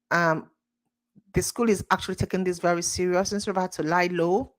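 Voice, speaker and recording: A young adult woman with a Nigerian accent, commenting indignantly on social media news in a casual chat, laughing now and then. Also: fairly low pitch. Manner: indignant, exclaiming, laughs often. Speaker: commentary channel host.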